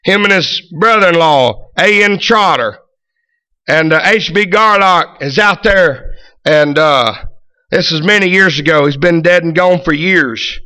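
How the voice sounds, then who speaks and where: A man preaching a fervent revival sermon, dropping in amen and hallelujah and building up to shouts. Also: on the high side, unhurried, smooth, dry recording. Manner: peppers lines with amen and hallelujah, rises to shouts.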